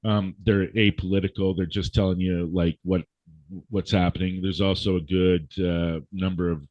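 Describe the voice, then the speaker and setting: Deep-voiced man ranting with profanity. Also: little pitch movement, moderate pace, darkish tone, no echo. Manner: profane, emphatic, lecturing. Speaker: guest speaker. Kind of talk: blunt ranting conversation. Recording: dull, dry lo-fi audio.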